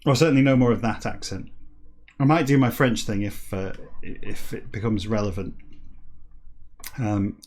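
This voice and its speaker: A man reading a book aloud for comedy, breaking off into dry, deadpan asides. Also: lowish voice, moderate pace, pauses often. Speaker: comic reader.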